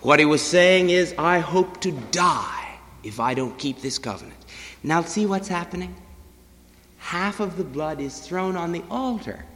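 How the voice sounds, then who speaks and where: A man preaching a sermon, swinging between loud declarations and hushed, low-pitched passages. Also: a little slow, in a large hall.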